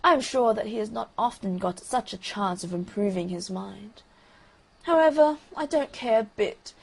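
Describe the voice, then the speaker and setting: A woman voicing a vain, haughty male firework rocket in a bedtime story reading, pompous and loudly declaiming. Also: mid-range voice, animated, moderate pace, vocal fry, slightly rough. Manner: pompous, self-admiring, loud declaiming.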